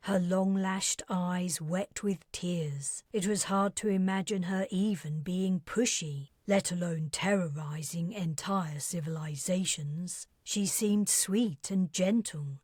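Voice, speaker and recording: A woman who is the author, reading her own audiobook in a soft, breathy manner. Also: fairly low pitch, takes it slowly, hardly any pauses, no echo, clean studio sound. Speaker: author and narrator. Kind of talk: scripted audiobook narration.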